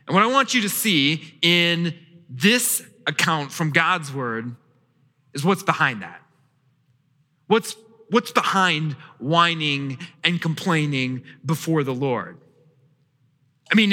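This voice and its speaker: A man in his thirties preaches a sermon in a church, his voice set high and cutting with a bright, sharp edge. His delivery swings between loud bursts and hushed asides as he tells stories and acts out little quotes. A long hall reverb trails behind every line. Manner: storytelling with acted quotes and sudden shifts in loudness. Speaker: pastor. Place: church sanctuary.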